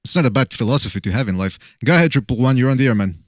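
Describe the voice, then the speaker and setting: A man's voice: medium pitch, expressive, rapid-fire, no echo, clean studio sound. Laid-back man with a mushy tongue. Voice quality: slightly mushy speech. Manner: laid-back, profane, easygoing. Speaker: podcast host taking calls. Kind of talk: casual call-in show banter.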